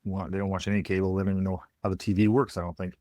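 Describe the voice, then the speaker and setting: A Canadian man co-hosting a podcast, talking in a halting, plain-spoken way with frequent restarts. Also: sits low, level tone, mellow, dry recording. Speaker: podcast co-host. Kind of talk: casual chat.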